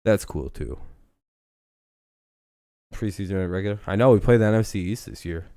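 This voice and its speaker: A man's voice: on the low side, very fast, dark tone, clear, resonant tone, dry recording, clean studio sound. A man hosting a casual live football news stream, joking and rambling with plenty of swearing.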